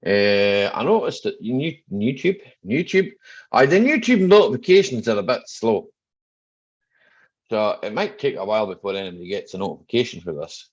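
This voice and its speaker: A man's voice: lowish voice, sing-song, normal speed, breathy edge, dull audio. A man hosting a casual live stream chat, greeting viewers one by one by name in a chatty, easygoing way. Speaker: livestream host.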